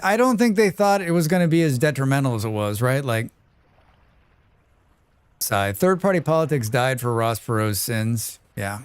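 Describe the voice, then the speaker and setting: Chatty male game streamer, smooth dry voice. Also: mid-range voice, no echo. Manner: chatty, reads chat aloud, hums to himself. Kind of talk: casual gaming livestream chat.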